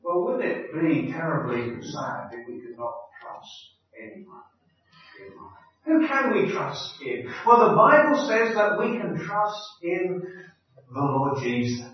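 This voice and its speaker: A man delivers a sermon in a slightly high voice, taking his time and pausing often as he tells his stories. He sounds far from the microphone in a very echoey hall. The recording is muffled and dull. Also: sing-song. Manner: slow, deliberate storytelling with pauses and hesitations. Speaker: preacher.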